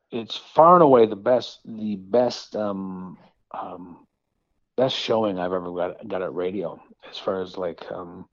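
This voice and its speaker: A man, a musician guest, talking casually in an interview, rambling with halting restarts and self-deprecating asides. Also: fairly low pitch, dry recording, dull audio.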